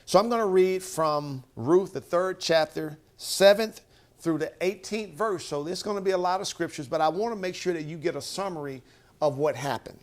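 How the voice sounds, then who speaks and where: Man, somewhat high voice, emphatic speaker teaching from scripture in a chatty, repetitive way. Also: moderate pace. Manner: emphatic, repeats phrases and asks "right?". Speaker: motivational speaker. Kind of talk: conversational Bible teaching.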